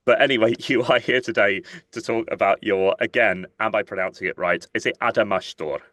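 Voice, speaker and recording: A man's voice: fairly low pitch, a little fast, a bit bright, no echo. A man hosting an interview in an upbeat, chatty way, laughing often. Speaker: interviewer, host. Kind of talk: casual interview chat.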